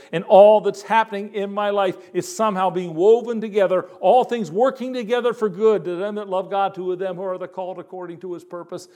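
An older man preaching a sermon, quoting scripture and repeating words for emphasis with expressive swings in delivery. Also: high-pitched, fairly quick, hardly any pauses.

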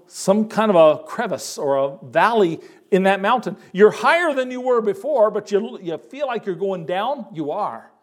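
An older male preacher delivers a sermon, his voice sitting a little high for a man. He leans on repetition, quotes scripture and lets his delivery rise and fall for emphasis. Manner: expressive, repeats words for emphasis, quotes scripture.

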